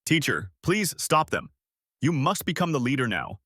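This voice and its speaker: A man voicing a desperate male prisoner who shouts urgent warnings. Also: medium pitch, big pitch swings, normal speed, no room sound, studio quality.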